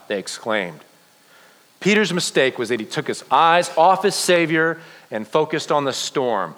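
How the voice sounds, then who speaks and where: A man preaching a sermon to young people, telling a Bible story with lively acted-out quotes. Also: medium pitch, measured pace, big-room sound. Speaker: youth pastor.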